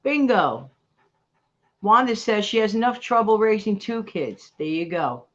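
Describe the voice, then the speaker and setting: A middle-aged livestream host from New York City, New York accent and all, chats casually and motivates her viewers. Her mid-range voice is a bit bright, with lively intonation and a measured pace, while the recording's highs are cut off.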